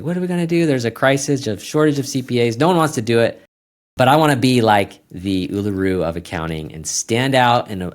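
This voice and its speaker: A man speaking as a guest accountant in a casual, rambling interview, often restarting his sentences. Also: fairly low pitch. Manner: rambling, self-correcting, plain-spoken.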